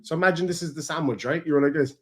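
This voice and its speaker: A man's voice: fairly high pitch, racing, fairly bright tone, slightly rough. A young man chatting casually with his partner on stream, swearing freely and acting out quotes. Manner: swearing, rambling storytelling with acted quotes. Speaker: streamer host.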